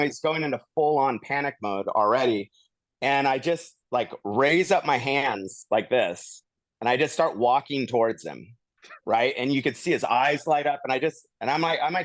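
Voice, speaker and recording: A man's voice: mid-range voice, moderate pace, no echo. Easygoing man telling a story on a podcast. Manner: animated retelling with laughs and acted-out quotes. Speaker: podcast host. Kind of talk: casual storytelling. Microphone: studio podcast mic.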